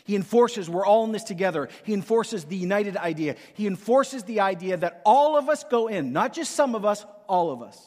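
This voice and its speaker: A man's voice: sits high, lively intonation, brisk, hardly any pauses, a little mellow, long reverb tail. A male pastor preaching with emphatic repetition and playful acted asides in a sermon.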